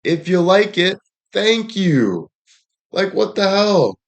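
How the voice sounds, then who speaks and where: A man's voice: high voice, big pitch swings, slow. A man livestreaming and addressing his chat in a heated rant, frustrated, swearing often and repeating himself.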